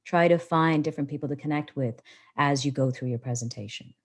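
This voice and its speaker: A woman hosting a live webinar as a public speaking coach. She teaches with animated, expressive delivery and wide swings in tone, speaking into a laptop on a video call. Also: low-pitched, fairly quick.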